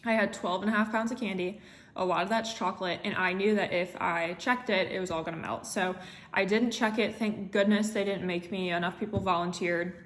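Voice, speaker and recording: A young woman from the United States vlogging casually, recounting a travel day in a chatty, animated way with lots of filler words. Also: mid-range voice, fairly quick. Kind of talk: casual storytelling vlog.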